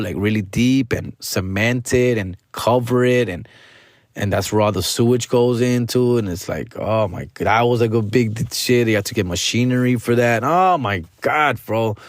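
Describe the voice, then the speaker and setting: A young comedian hosting his podcast, letting off steam in a loose, slangy rant peppered with swearing and bits of Spanish. His voice sits at an ordinary middle pitch. The sound is dry and close, with no room echo. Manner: slangy, profane, mixes Spanish into his English; frustrated, venting.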